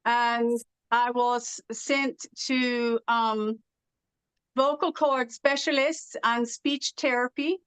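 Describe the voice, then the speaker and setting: A woman's voice: a little high, steady tone, takes it slowly, a bit bright, clear, resonant tone, no room sound, poor audio. A middle-aged woman from Los Angeles with Irish-sounding R's, telling stories in casual conversation with many "uh" fillers. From Los Angeles, United States. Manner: storytelling with frequent uh fillers. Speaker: interview guest.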